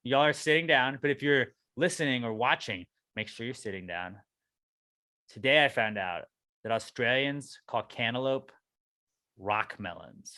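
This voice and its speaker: A man co-hosting a podcast in casual chat, playful and swinging from loud outbursts to mumbled asides. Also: mid-range voice, animated, unhurried, dry recording, clean studio sound. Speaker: podcast co-host. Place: podcast studio.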